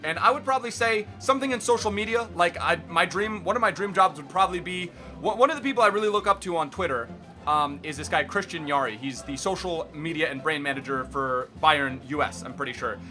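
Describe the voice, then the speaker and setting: A young man hosting a gaming channel, answering viewer questions in a casual vlog at home, with sudden loud excited bursts. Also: a little high, a little fast, faint music behind. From Miami, United States. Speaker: gaming YouTuber host. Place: bedroom at home.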